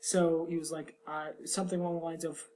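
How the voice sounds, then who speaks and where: A man co-hosting a podcast, telling stories in a quick, wry and irreverent way. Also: fairly high pitch, level tone, a little mellow, a little hiss or hum. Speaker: podcast co-host. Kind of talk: casual podcast chat.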